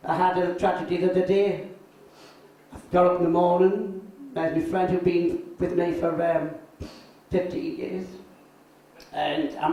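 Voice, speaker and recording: Older drag queen, high voice. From North East England. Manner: crude, deadpan anecdotes with swearing. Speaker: drag performer. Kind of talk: bawdy stand-up storytelling. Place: live show venue. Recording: echoey room, from far off.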